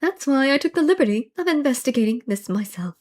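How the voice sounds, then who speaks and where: A woman's voice: high voice, lively intonation, quick pace, noisy background, voice pushed up. A woman voicing a sassy, scheming female witness with a smug, teasing manner while reading a courtroom game aloud.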